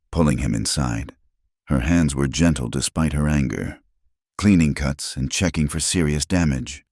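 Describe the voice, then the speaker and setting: A man tells a scripted western story in a dramatic, measured way. His voice is extremely deep and moves with a lively rise and fall. The recording is close and dry. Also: no echo. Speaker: narrator.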